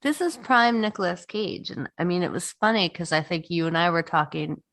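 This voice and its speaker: A woman co-hosting a podcast, her voice sitting a little low for a woman. She chats loosely and swears freely, laughing often. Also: lively intonation, moderate pace, fairly bright tone. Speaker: podcast co-host. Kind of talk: casual chat.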